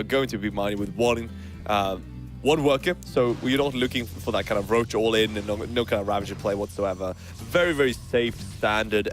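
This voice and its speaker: A man commentating a strategy game as a caster, easygoing and quick to laugh with his co-caster. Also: on the low side. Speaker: esports caster.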